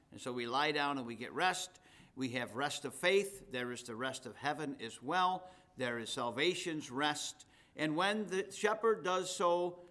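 A pastor with a fairly high, fairly bright voice preaches a conversational sermon. As he reads scripture, his emphasis rises.

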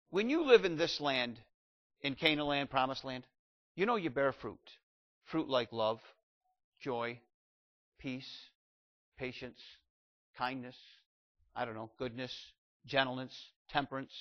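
Preacher in his fifties, swinging loud to soft. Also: fairly high pitch. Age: 50s. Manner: swings from loud exhortation to quiet storytelling. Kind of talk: sermon. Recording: dull lo-fi recording.

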